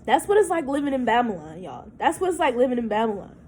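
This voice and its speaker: A woman's voice: a little high, sing-song, fast talker, mellow, a little hiss or hum, poor audio. A woman in her thirties venting in a personal vlog, upset and holding back tears, cursing and repeating herself. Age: 30s. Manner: agitated, repetitive, profane, restarts words. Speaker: vlogger. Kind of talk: emotional personal vlog rant.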